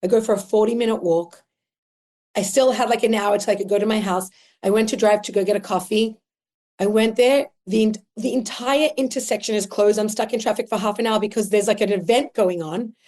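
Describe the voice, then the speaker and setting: An Australian woman in her thirties, a podcast guest telling personal stories in an emotional, animated way. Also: mid-range voice, a little fast. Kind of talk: casual conversational storytelling.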